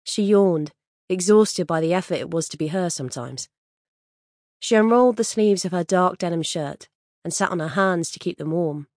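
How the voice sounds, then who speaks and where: A woman reading a novel aloud in a measured, even storyteller's manner. Her voice is on the low side and the sound is dry and close to the mic. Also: dry recording. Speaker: audiobook narrator. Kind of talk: scripted narration.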